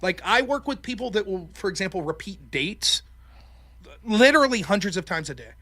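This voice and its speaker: A male call-in host with a high, bright voice. He chats casually and swears freely. He tells stories with lots of energy and slips into quick impressions of the people he quotes. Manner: profane, animated storyteller.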